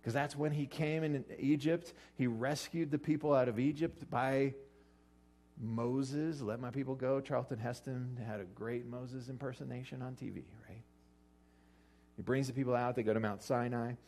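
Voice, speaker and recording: A man preaching a casual, joking sermon, acting out quotes with sudden jumps in pitch. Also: fairly even intonation, normal speed, darkish tone. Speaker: pastor. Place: church or hall with an audience eating lunch.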